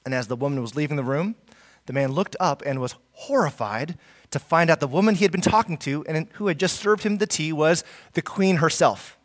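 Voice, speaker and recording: A man's voice: on the high side, a little fast. A man preaching a sermon as pastor, earnest, with many fillers and restarts.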